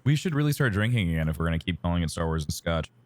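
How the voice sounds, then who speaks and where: A man's voice: low voice, big pitch swings, rapid-fire, no echo. A man co-hosting a casual podcast, wry and teasing, rambling through his thoughts. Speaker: podcast co-host.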